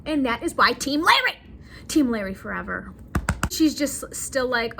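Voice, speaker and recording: Young woman chatting about a movie, super lively pitch, giggly, does the characters' voices. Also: a little slow, vocal fry, a little hiss or hum. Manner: animated, giggly, acts out characters' lines. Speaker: vlogger reviewing a movie. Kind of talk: casual chat.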